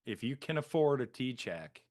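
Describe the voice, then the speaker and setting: A man co-hosting a casual podcast, agreeable and quick to chime in. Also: medium pitch, big pitch swings, darkish tone. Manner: agreeable, frequent backchannels. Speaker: podcast co-host. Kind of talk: casual chat.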